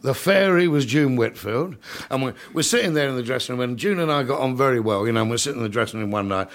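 A man's voice: medium pitch, expressive, fast. Older male raconteur telling stage stories. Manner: chatty raconteur, acting out voices in quotes, chuckling. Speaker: comedian telling showbiz stories. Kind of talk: anecdotal storytelling to an audience.

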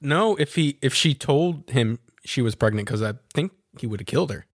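A man co-hosting a podcast, chatting casually with laconic, deadpan quips. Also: medium pitch, moderate pace. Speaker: podcast co-host. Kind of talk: casual chat.

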